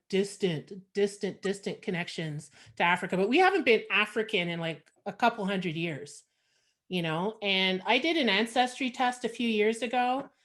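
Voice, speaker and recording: Frank Canadian woman doing stand-up. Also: medium pitch. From Montreal, Canada. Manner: frank, sardonic, conversational with many fillers. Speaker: stand-up comedian. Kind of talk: stand-up comedy set over video call. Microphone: video call.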